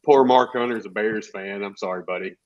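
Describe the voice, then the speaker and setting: A man's voice: fairly low pitch, a little fast, muffled recording, a loud crowd. A man hosting a live podcast over a video call, joking and teasing his guests with frequent chuckles. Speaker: host. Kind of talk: casual chat.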